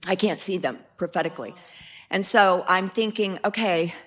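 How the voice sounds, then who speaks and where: A woman preacher telling a story in her sermon, animated and laughing often. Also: on the low side, moderate pace.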